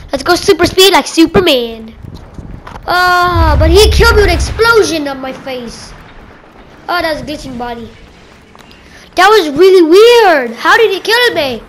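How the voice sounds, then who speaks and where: A woman giving excitable gameplay commentary, exclaiming at game events and playfully calling other players "bro". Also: very high-pitched, slight background noise. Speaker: gamer.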